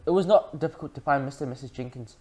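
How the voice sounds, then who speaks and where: A reader narrating a children's book aloud in a lively way, with frequent slips and restarts. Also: mid-range voice, very fast.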